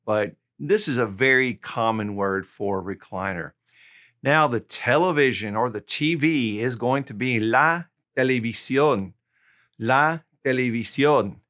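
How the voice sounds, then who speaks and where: A man teaching vocabulary in an online lesson. He talks in a friendly, casual way and says each word slowly, then repeats it. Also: mid-range voice, fairly bright tone. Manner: slow, deliberate repetition of words. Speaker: Spanish tutor.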